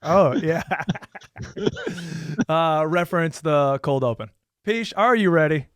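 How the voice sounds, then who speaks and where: A man co-hosting a podcast, jokey and upbeat, thanking guests and reading out shout-outs. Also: fairly high pitch, animated, takes it slowly, clear, resonant tone, no room sound, clean studio sound. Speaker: podcast co-host. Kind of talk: casual podcast chat with sign-offs.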